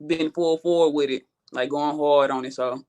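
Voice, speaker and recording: A woman's voice: low voice, fairly even intonation, normal speed, darkish tone. A woman rap artist from Houston with a Southern accent, talking in a laid-back, slangy way and swearing freely in a casual interview. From Houston, Texas.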